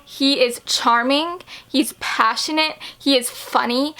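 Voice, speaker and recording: A woman's voice: fairly high pitch, sharp tone. A woman book vlogger chatting casually to camera, gushing and giggly, with many fillers and restarts.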